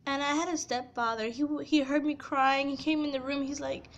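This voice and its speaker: A woman's voice: high-pitched, steady tone, normal speed, lo-fi sound. A young woman vlogger telling a painful personal story to camera, heartfelt and tearful, filling her talk with "you know". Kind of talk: emotional storytime confession.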